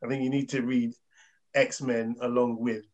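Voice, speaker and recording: A man's voice: medium pitch, little pitch movement, unhurried, darkish tone, rough recording. A man co-hosting a casual comics podcast, swearing freely and talking with enthusiasm. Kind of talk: casual chat.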